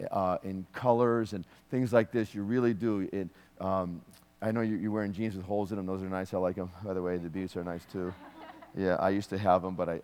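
A man who is a minister, praying and speaking personal prophecy to a congregant in a church, in a conversational, joking manner. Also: fairly low pitch. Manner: warm, conversational, joking asides.

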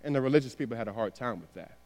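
A man preaching a sermon in a relaxed, conversational storytelling way, often saying "you know". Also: mid-range voice, racing. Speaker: pastor. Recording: long hall reverb.

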